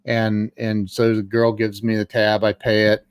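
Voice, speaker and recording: A middle-aged man recounting his own past in a candid, halting way, often stammering and restarting. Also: on the low side, monotone, clear, resonant tone, no echo. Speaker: guest telling his story. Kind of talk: candid personal storytelling.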